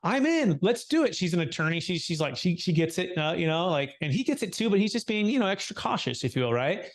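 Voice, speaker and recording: Talking fast in a fairly high voice, a young capital gains tax advisor recounts a client story during a podcast interview. He acts out the quotes with animation and packs his speech with fillers.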